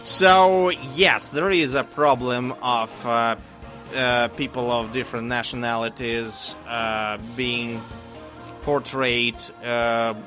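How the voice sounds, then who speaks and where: A man talks slowly in a relaxed podcast chat. His voice is bright and clear, and he tells stories with dry humor, filling pauses with ums and uhs. Faint music plays behind him. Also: mid-range voice. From Russia. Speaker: podcast co-host. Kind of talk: casual chat.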